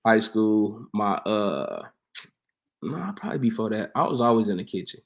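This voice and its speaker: A young man, a barber and home cook, talking casually as an interview guest, laid-back and laughing often, getting animated when he quotes people. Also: on the low side, normal speed. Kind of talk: casual conversational storytelling.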